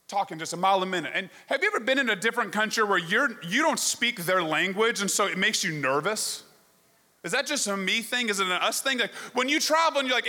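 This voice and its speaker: A man's voice: sits high, bright, forceful tone. A man preaching a sermon, telling a story and asking the congregation rhetorical questions. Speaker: pastor. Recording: long reverb of a large hall.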